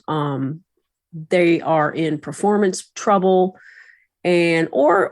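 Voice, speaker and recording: A woman attorney on a podcast, explaining workplace law in a measured, advisory way. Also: fairly low pitch, dry recording. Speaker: attorney and resident expert. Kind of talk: podcast discussion.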